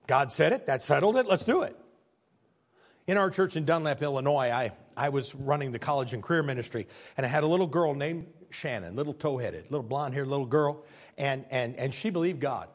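Guy preaching in church, voice all over the place, gets loud then real quiet. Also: medium pitch, a little fast. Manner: animated storytelling, swings from loud to hushed. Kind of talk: sermon.

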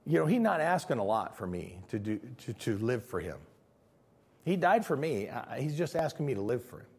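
A male pastor preaching a sermon, swinging between near-shouts and hushed tones, often repeating phrases and restarting. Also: medium pitch, very animated, normal speed, slightly rough.

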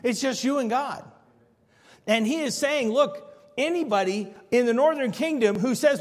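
A man's voice: extremely high pitch, moderate pace, big-room sound. A man preaching a sermon on scripture, acting out the people he quotes with big swings in voice. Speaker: pastor.

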